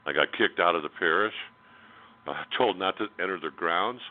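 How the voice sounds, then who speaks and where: A man's voice: low voice, moderate pace. A man telling a personal story as a radio interview guest, in a candid, blunt way with many fillers and restarts. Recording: tinny phone line.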